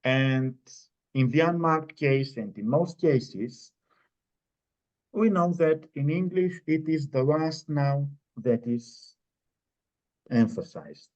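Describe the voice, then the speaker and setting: A man presenting at a conference, answering an audience question in a measured, explanatory way with many pauses. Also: a little high, darkish tone. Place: conference room. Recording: dull lo-fi recording.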